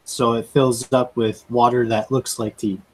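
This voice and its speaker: A man's voice: medium pitch, level tone, a little slow, darkish tone, rough recording. A man playing a tabletop game who talks in an offhand way and swears. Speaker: player.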